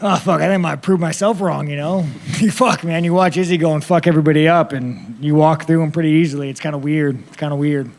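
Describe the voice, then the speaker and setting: At a post-fight press conference, a man answers reporters in a slightly high, darkish voice with vocal fry, talking quickly with few pauses. He is blunt and rambling, swears constantly and laughs at himself.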